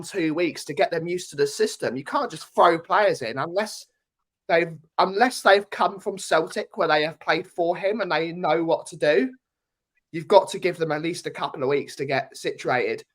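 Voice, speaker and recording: Man, fairly high voice, emphatic, opinionated, podcast panelist. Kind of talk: casual podcast chat.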